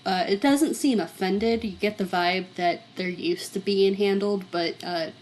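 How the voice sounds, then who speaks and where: Halting woman running a tabletop game. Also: mid-range voice, a little mellow, poor audio. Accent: Southern American. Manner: halting, full of fillers and restarts. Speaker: game master.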